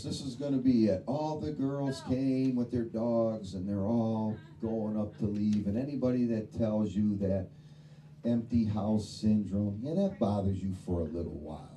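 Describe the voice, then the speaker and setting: An older man does a crude, profane stand-up set in a tavern showroom, punching up his jokes with loud acted-out lines. He sits at an average pitch for a man. The mic is set back from him, so the bar room echoes around his voice over a noisy background. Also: recorded from a distance. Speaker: stand-up comedian. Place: tavern showroom, live audience.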